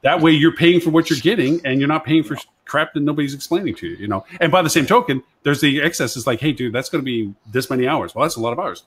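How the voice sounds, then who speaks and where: A man's voice: fairly high pitch, fast talker, few pauses, a bit bright, husky. A man on a live web panel show, chatting casually and rambling, often repeating himself and retelling conversations. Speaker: agency consultant and show panelist.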